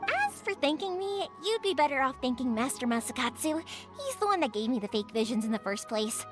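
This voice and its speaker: An actress playing a cheerful young fireworks shop owner in a game, bubbly and giggly. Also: female voice, sits high, big pitch swings, fairly quick, soft background music. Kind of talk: game cutscene dialogue.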